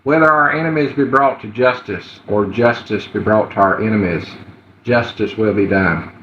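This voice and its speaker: A man doing an impression of a former male president giving a solemn, measured speech. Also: fairly low pitch, fairly bright tone, pitched below the performer's own voice, close to an everyday voice. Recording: roomy, dull lo-fi livestream audio.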